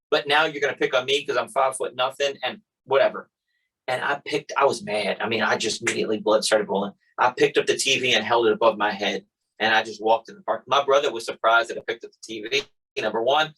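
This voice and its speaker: Male podcast host, husky, lively storyteller who voices the people in his stories. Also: medium pitch, fairly quick, poor audio. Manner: animated storyteller, acts out quotes. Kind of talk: casual chat.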